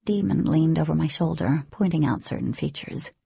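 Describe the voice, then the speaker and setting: A woman narrating an audiobook in first person, with an expressive reading and a husky, creaky voice. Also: deep voice, moderate pace, no echo, lo-fi sound.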